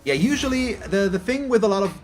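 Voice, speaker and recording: German-born male gaming host, slightly high voice, chatty and meandering, faint music behind. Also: lively intonation, fairly quick. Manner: rambling, self-correcting, chatty. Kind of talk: casual gameplay commentary.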